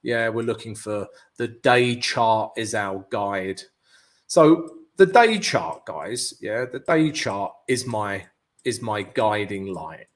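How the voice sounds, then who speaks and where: A man's voice: on the low side, sing-song, slow. A man hosting a live trading stream, walking through charts and often checking in with "yeah?" and "guys". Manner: peppers talk with "yeah" and "guys" tag questions; thinks aloud, restarts phrases. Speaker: forex trading channel host.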